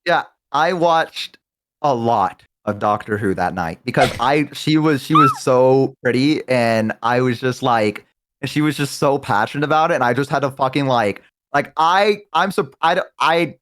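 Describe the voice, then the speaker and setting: A young man in casual chat, telling excitable stories and acting out his friends in quick high voices. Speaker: guest. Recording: live stream.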